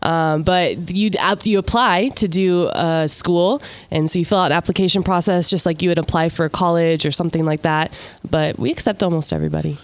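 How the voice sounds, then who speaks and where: A woman's voice: on the low side, steady tone, brisk, dry recording. A young woman guest on a radio talk show, chatting in an upbeat way and laughing often. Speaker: guest, mission volunteer.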